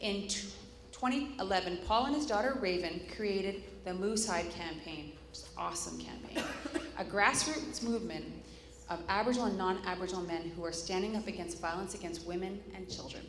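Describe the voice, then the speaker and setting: A Canadian woman moderates a live conference panel in a conference hall, introducing the speakers chattily with joking asides and stumbling over names. Her voice is medium-pitched and brisk, and the echoey hall recording has faint room noise.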